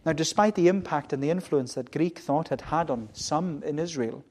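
A man preaching a sermon, repeating key phrases and swinging between quiet, low passages and loud, emphatic ones. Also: normal speed.

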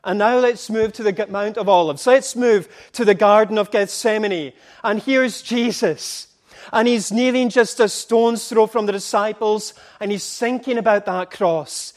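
A man with a high-pitched voice preaching a sermon. He retells scripture as vivid dialogue, rising into impassioned declaration and then sinking to near-whispered intimacy. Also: unhurried. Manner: dramatic retelling with impassioned dialogue, dropping to hushed tones.

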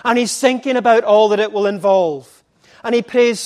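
A man preaching a sermon, retelling scripture as dramatic dialogue, at times impassioned and at times dropping to a hush. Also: very high-pitched, moderate pace.

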